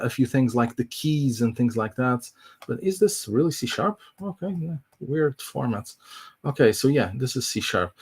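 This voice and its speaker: A man presents a live online software demo. He explains loosely, with lots of fillers and restarts. His voice sits at an ordinary middle pitch. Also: slightly rough. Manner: casual, filler-heavy explaining. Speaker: tech presenter.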